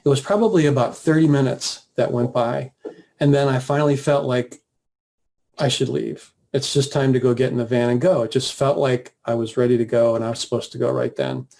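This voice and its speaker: A man guest earnestly recounting a personal story in a plain, steady way, with the odd filler. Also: mid-range voice, fairly quick, gravelly. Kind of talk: personal testimony, casual storytelling.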